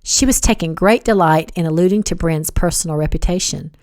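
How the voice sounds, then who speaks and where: A woman reading her novel aloud as audiobook narration, evenly and measured. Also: lowish voice, darkish tone, no room sound, clean studio sound.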